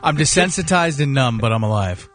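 A man who is a regular on a morning radio show, speaking in a sheepish, deadpan way. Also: mid-range voice, brisk, soft background music. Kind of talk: casual radio banter.

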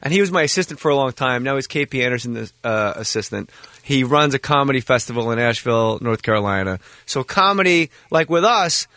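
A man's voice: fairly quick, dry recording. Dry-voiced man telling comic stories. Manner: animated, acts out quoted voices with big pitch swings. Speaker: guest comedian. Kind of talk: comedic storytelling on a podcast.

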